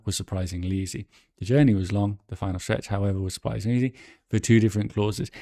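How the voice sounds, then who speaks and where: An English exam teacher with a low, gravelly, mellow voice chats his way through exam answers for learners, thinking aloud and correcting himself as he goes. The recording is dry and close.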